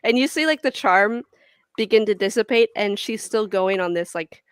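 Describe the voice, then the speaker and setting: A woman's voice: medium pitch, moderate pace, clean tone, no room sound. A woman narrating and ruling as dungeon master in a casual tabletop game, explaining with loose fillers. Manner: relaxed explaining, many fillers.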